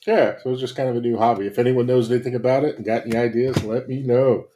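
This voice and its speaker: A man's voice: medium pitch, fast talker, slight background noise. A man co-hosting a podcast, chatting casually and rambling about a new hobby with lots of fillers. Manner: rambling, relaxed, many fillers. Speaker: podcast co-host. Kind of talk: casual chat.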